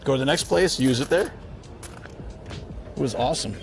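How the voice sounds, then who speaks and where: Gravelly and mid-range, with lively intonation and a normal pace, a man speaks directly to viewers on his travel live stream. He rambles casually through city streets and later in a parked car while music plays under his voice.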